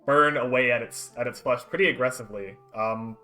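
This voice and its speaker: A man running a tabletop game as dungeon master, describing the scene in a halting way full of ums and uhs. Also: medium pitch, sharp tone, faint music behind. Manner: hesitant, many ums and uhs, laughs often.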